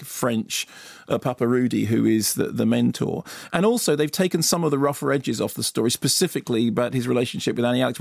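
Eager man reviewing films, gravelly. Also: medium pitch, darkish tone, no echo, clean studio sound. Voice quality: enthusiastic, lots of stumbles and restarts. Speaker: film critic. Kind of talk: radio film review. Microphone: studio radio mic.

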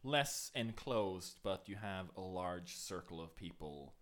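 A man narrating an improvised scene at a tabletop game, halting and searching for words. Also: sits low, lively intonation, a bit bright.

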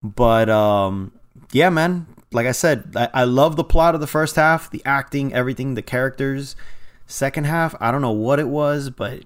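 A man's voice: medium pitch, normal speed, clear, resonant tone. Easygoing male movie-review co-host. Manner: easygoing, rambling opinions. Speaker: podcast co-host. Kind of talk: casual movie review chat.

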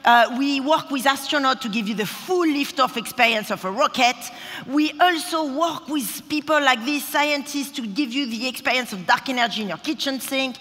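Woman in her 30s, keynote speaker, bright and punchy, playful with the crowd, big hall reverb. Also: high-pitched, moderate pace. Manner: playful, chatty, teasing the audience. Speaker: conference speaker. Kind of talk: live stage talk. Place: conference stage in a large hall. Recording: hall reverb from a large venue.

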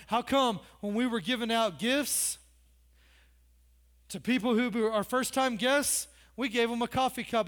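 A pastor with a strikingly high voice preaches in a loose, conversational style. He drops joking asides and teases his congregation between points. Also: unhurried, fairly bright tone. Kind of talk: sermon.

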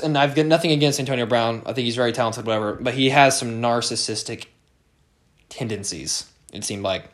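A man's voice: medium pitch, a bit bright. A young American man hosting a solo podcast, talking casually in a rambling way with lots of fillers, restarts and swearing. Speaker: podcast host.

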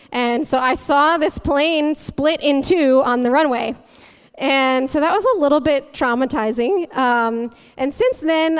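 A young woman with a high voice gives a conversational sermon as a guest speaker, chatty and funny, often breaking into laughter.

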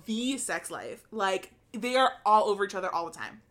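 A woman's voice: medium pitch, very animated, normal speed, fairly bright tone. A young woman co-hosting a podcast, giving blunt, opinionated takes in casual chat and swearing freely. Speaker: podcast co-host.

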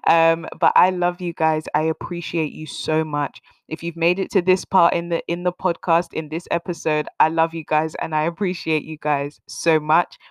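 A woman's voice: low voice, little pitch movement, moderate pace, hardly any pauses, clear, resonant tone, no echo. A young woman hosting a faith podcast, talking in an earnest, encouraging way and repeating phrases for emphasis. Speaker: podcast host.

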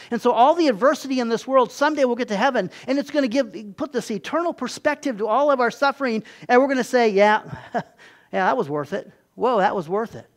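A preacher in full sermon mode, voice sitting at a middle pitch. The delivery is animated, jumping from loud, emphatic stretches to quiet, low asides. Words get repeated and phrases restarted along the way.

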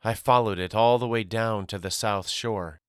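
A man narrating a novel as an audiobook, reading steadily with clear articulation on a close studio microphone. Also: lowish voice, fairly even intonation, moderate pace, no room sound. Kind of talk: scripted storybook narration.

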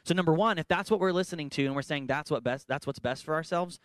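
A man's voice: fairly high pitch, fast, clean tone, no echo, clean studio sound. A man, a pastor, giving an earnest and emphatic sermon-style talk in a church worship center, with playful asides.

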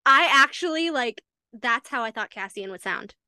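Animated, swearing young woman podcaster. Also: a little high, moderate pace, dry recording, clean studio sound. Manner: animated, swears freely, mimics lines in quoted voices. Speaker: podcast co-host. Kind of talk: casual chat.

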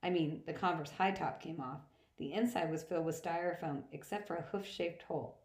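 A woman reading first-person novel narration aloud in a plain, steady manner. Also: lowish voice, fairly quick. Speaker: audiobook reader. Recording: roomy echo.

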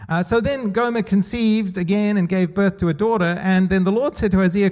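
A pastor preaching a conversational sermon with rhetorical questions and laughter, at times. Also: male voice, sits high, fairly even intonation, a little fast, hardly any pauses, a little mellow.

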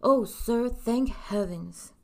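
A woman voicing a clever, scheming male cat who calls out loudly and frantically in a storybook reading. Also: a little high, unhurried. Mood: distressed. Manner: loud frantic calling out.

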